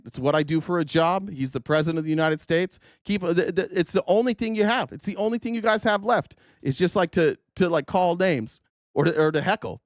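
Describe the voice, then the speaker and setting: A man's voice: a little high, dry recording, clean studio sound. A man streaming political commentary on YouTube, sarcastic and heated, rambling and swearing as he argues with his chat. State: openly angry. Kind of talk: casual live-stream commentary.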